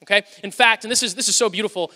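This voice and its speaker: A man's voice: sits high, very fast, sharp tone. A male pastor giving a sermon in a church, talking in a conversational, humorous storytelling way. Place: church sanctuary. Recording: long reverb of a large church hall.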